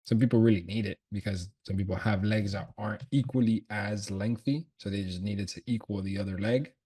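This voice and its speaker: A man's voice: on the low side, steady tone, a little fast, mellow, breathy edge. A man talking through trades on a livestream, slangy and casual, swearing, laughing often and thinking aloud. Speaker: trader streaming his chart analysis. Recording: voice from a distant mic.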